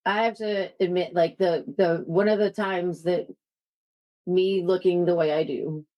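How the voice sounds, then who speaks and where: A woman's voice: lowish voice, fairly even intonation, unhurried, highs cut off. A woman from the United States, a podcast co-host telling a story in chatty casual talk with many fillers. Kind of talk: casual chat.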